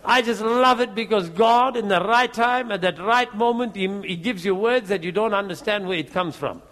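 A man preaching, telling his testimony as a lively story and chuckling often. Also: high voice, moderate pace. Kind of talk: testimony in a sermon.

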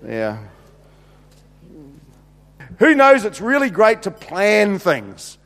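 NZ man preaching, jokey storyteller, slightly high voice, echoing hall. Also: huge pitch swings, extremely slow, fairly bright tone, faint music behind. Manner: chatty, jokey, many restarts and "you know"s. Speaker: pastor. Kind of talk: humorous sermon storytelling. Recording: reverberant hall.

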